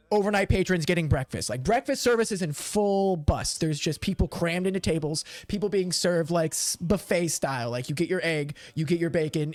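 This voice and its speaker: A man narrating as game master of a tabletop game, animated and rambling. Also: fairly high pitch, no echo.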